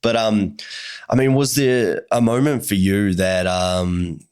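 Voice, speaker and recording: Man, very deep voice, podcast host, hesitant, rambling, casual. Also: steady tone, takes it slowly, a little mellow, smooth. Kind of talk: casual conversation.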